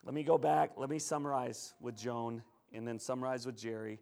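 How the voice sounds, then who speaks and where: A male pastor preaching a sermon in church, telling the story in a lively, conversational way that swings between hushed and loud. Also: medium pitch, fairly quick, creaky.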